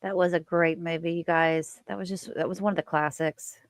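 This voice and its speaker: A woman's voice: on the low side, fairly even intonation, a little fast, no room sound, clean studio sound. A woman hosting a casual livestream, chatting with viewers and reading their comments aloud. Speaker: livestream host.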